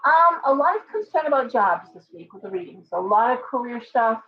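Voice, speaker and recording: A woman's voice: on the high side, very animated, brisk. A woman hosting a casual livestream from home, chatting loosely and breaking off to talk to her pet bird. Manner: chatty, talks to her parrot in baby talk. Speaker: livestream host and tarot reader. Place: home room with open windows. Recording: dull lo-fi livestream audio.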